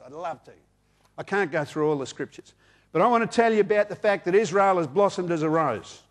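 An Australian man in his sixties preaching a sermon, repeating key phrases for emphasis and reading scripture aloud. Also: high voice. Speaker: pastor.

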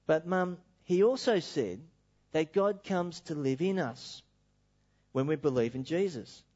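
A man's voice: a little high, expressive, measured pace, darkish tone, voice pushed up. A curious little girl, as a male preacher puts her on, slightly raised. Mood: puzzled. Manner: earnest, questioning. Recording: dull lo-fi recording.

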